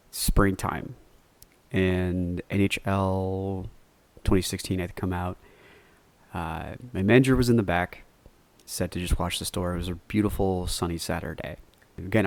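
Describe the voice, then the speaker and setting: A podcast host with a low male voice tells a story from his own life, meandering and relaxed, dropping the odd curse word. The sound is dry, with no room around it. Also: dry recording. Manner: rambling, loose, cusses freely. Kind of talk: casual solo storytelling.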